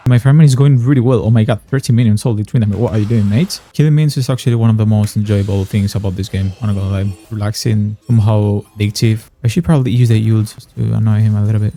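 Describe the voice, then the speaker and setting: Swearing young gamer, dark voice. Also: male voice, lowish voice, steady tone, fast talker, few pauses. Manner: frustrated, swearing, sarcastic. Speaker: gaming YouTuber. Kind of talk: gameplay commentary.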